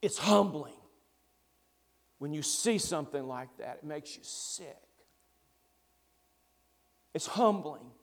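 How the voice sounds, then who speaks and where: A man preaching a sermon, slow and deliberate with long pauses between phrases. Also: fairly high pitch, lively intonation, gravelly.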